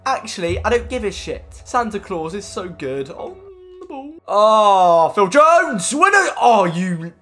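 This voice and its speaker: A young man commentating his own football video game matches, excitable and swearing, often yelling at the players. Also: sits high, measured pace, few pauses. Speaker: gaming YouTuber. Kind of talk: live gameplay commentary.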